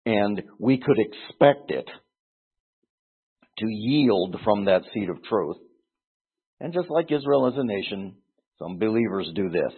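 Husky, low-voiced man teaching scripture. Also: animated, measured pace, long pauses. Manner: earnest, explanatory, with frequent restarts and emphatic stresses. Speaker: Bible teacher. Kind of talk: expository Bible teaching. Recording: tinny phone-like recording.

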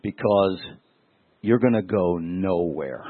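A man's voice: low-pitched, expressive, slow pace. A man, a pastor, giving a conversational, emotional sermon and telling stories straight to his listeners. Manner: emotional, storytelling, addresses listeners directly. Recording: tinny, phone-like dry sound.

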